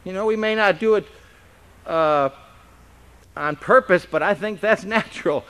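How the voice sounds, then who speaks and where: A man with a high voice preaches in an unhurried, deliberate way. He teaches the Bible as a pastor and keeps the tone conversational. He keeps tossing rhetorical questions to his congregation. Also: pushed and bright. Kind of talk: expository Bible-teaching sermon.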